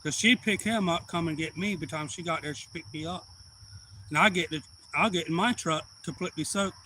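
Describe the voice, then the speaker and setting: A man's voice: on the high side, brisk, sharp tone, a little hiss or hum, low-quality recording. A man, telling a rambling, profane story in a casual live-stream chat. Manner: rambling, blunt and profane, with heated retelling.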